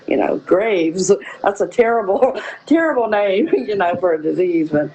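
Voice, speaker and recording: A woman's voice: on the low side, expressive, normal speed, few pauses, mellow, dull audio. A woman telling her own story in a casual interview, rambling with many "you know" fillers. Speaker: guest.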